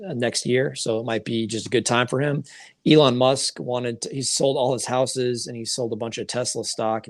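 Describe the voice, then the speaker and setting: A man's voice: medium pitch, no echo, clean studio sound. A man co-hosting a podcast, explaining markets in casual talk, often restarting his sentences. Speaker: podcast co-host.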